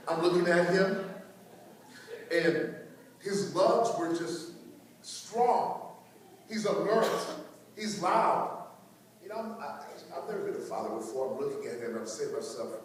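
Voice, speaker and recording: A man giving a keynote talk to teachers, telling personal stories with animated humor. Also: on the high side. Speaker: speaker. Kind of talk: storytelling keynote speech. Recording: echoey hall recording from far off, faint noise.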